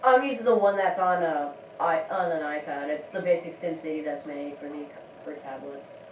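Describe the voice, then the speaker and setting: A woman's voice: low-pitched, moderate pace, darkish tone. A woman chats loosely over her gameplay in a giggly, rambling way, often restarting her sentences. Her voice sounds roomy and set back from the mic. A faint hiss runs underneath. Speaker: gameplay commentator. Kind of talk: casual let's-play commentary. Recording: roomy, distant mic, faint background noise.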